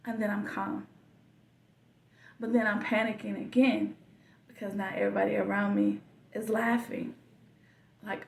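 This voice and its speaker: Slow, gravelly-voiced woman telling a story. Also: medium pitch, flat delivery, recorded from a distance. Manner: slow, reflective storytelling with soft whispered asides. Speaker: podcast host. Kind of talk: motivational personal story. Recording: echoey room, voice a bit off-mic.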